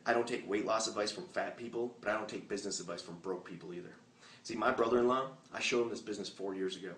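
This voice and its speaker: Fast-talking man pitching to a room. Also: a bit bright. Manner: punchy, joking, fired-up delivery. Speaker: network marketing presenter. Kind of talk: motivational recruiting talk. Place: meeting room with a live audience. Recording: echoey room, distant mic, faint hiss.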